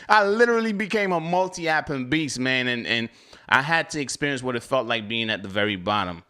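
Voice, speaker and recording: A young man telling his story casually on a live stream. His voice is bright and pitched a little high. He talks with animated energy and gets louder and higher when he is heated. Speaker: delivery driver guest.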